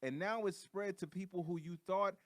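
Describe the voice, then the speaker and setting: A man co-hosting a comedy podcast, talking in a heated, profane, animated rant. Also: high voice, moderate pace, no room sound. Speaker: podcast co-host. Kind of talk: casual comedic chat.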